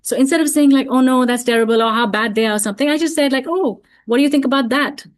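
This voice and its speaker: A middle-aged woman giving an online parenting talk, telling stories in a calm, reflective way with many fillers. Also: sits high, fast. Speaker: parenting speaker.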